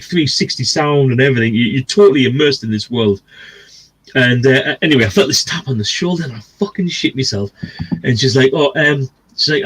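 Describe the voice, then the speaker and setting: A man with a husky, slightly rough voice tells a rambling, sweary story, animated and loose. His pitch sits in an ordinary middle range for a man. He sounds relaxed and chatty, like a stream co-host chatting with mates. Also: low-quality recording. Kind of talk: casual storytelling.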